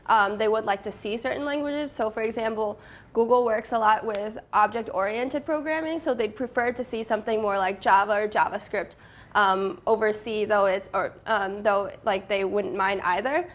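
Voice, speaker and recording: A woman's voice: mid-range voice, normal speed, a bit bright. A young woman co-presenting an informal seminar, speaking hesitantly with many fillers and restarts. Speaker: student co-presenter.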